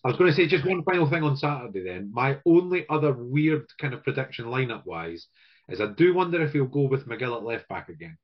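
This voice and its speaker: A man hosting a casual football podcast, chatting in a relaxed way and laughing easily. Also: mid-range voice, a little fast, highs cut off. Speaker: podcast host. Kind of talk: casual chat.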